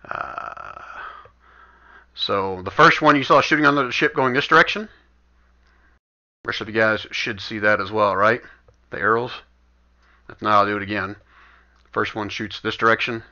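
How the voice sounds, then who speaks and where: A man's voice: on the low side, bright, forceful tone. A man running a tabletop game as game master, talking casually and thinking aloud as he moves pieces on the map. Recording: dull lo-fi voice chat audio.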